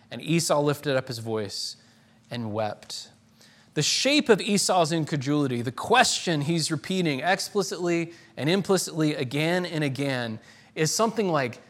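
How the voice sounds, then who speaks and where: A man's voice: fairly high pitch, expressive, normal speed, a bit bright. A man preaching a sermon in a conversational way, restarting phrases and reading quoted lines with dramatic force.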